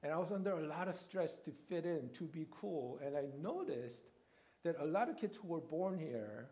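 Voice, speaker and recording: Male pastor, 50s, high-pitched, chatty conversational preaching style. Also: animated, moderate pace, dark tone. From Korea. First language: Korean. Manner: conversational, checks in with "right?" and "you know". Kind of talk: sermon. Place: church sanctuary.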